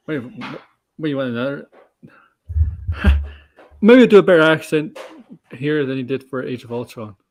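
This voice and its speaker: A man's voice: mid-range voice, normal speed, long pauses, darkish tone. A man co-hosting a casual chat show, rambling with restarts and frequent laughs. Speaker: podcast co-host.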